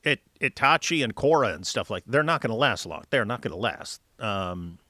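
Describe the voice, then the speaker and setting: A man hosting a casual panel chat, blunt and mocking, reading out viewer comments with animated asides. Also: lowish voice, normal speed, dry recording, clean studio sound. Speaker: show host.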